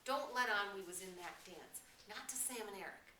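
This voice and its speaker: A woman's voice: medium pitch, moderate pace, bright, forceful tone, natural voice. A woman voicing an anxious, stubborn chubby schoolboy who speaks shrilly and insistently. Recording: roomy room, distant mic, faint hiss.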